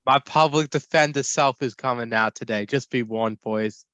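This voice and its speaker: A man's voice: medium pitch, moderate pace, sharp tone, dull audio. A man co-hosting a casual podcast in a playful, teasing way. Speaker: podcast co-host.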